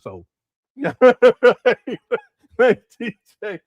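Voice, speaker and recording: A giggly, rambling man hosts a casual livestream, talking with his chat in a high, very animated voice. He keeps laughing and breaking into bits of song. The sound is close and dry. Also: slow pace, dry recording, highs cut off. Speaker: livestream host. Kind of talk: casual live-chat commentary.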